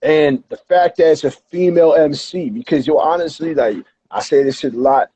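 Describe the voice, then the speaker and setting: A man's voice: fairly high pitch, moderate pace, dark tone, husky, dry recording, low-quality recording. A man hosting a casual live interview, hyped and slangy, peppering his talk with "yo". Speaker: interview host. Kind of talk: casual livestream chat. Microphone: livestream.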